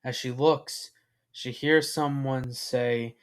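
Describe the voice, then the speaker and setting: A man reading his own fan fiction story aloud as narrator, unhurried and with halting restarts. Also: mid-range voice.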